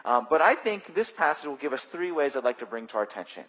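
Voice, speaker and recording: A male pastor preaching a sermon in a conversational, animated way with touches of self-deprecating humor, speaking into a stage microphone in a church. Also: fairly high pitch, fast. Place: church sanctuary. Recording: long hall reverb.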